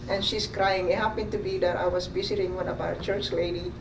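A woman from the congregation sharing a story with the pastor in a halting way, full of fillers; she is not an English speaker. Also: lowish voice, flat delivery, echoey room, far from the mic, noisy background.

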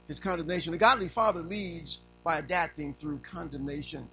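A man preaching a sermon to fathers and families, swinging from low, quiet lines to raised cries. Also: steady tone, brisk, faint music behind, poor audio. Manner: preaching with sweeping pitch swings, rising to cries. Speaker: pastor.

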